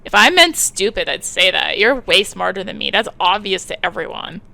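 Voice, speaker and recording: A woman's voice: mid-range voice, expressive, moderate pace, gravelly. A woman voicing a hesitant, placating teenage boy in a game. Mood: earnest. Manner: soft, hesitant, defensive.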